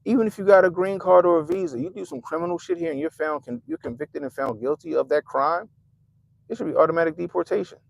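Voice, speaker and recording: A man hosting a profane political commentary rant, mocking and animated, with sudden loud jumps and muttered asides. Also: high voice, fast talker, gravelly, no echo. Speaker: commentary channel host.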